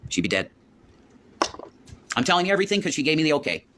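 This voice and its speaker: A man's voice: fairly high pitch, big pitch swings, fast, noisy background. A man telling a heated personal story, swearing often and repeating himself. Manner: profane, agitated, repeating himself. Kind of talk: emotional storytelling on a stream.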